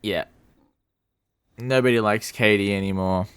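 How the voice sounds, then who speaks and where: Slow, deep-voiced man with many fillers. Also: fairly even intonation, clean tone, no room sound, studio quality. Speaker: podcast co-host. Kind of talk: casual film review chat.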